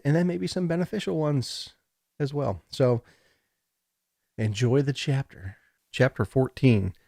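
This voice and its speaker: Man, lecturer, casual, digressive, slightly scratchy throat, dry close sound, mid pitch. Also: darkish tone, dry recording. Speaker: college lecturer. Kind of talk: recorded lecture voice-over.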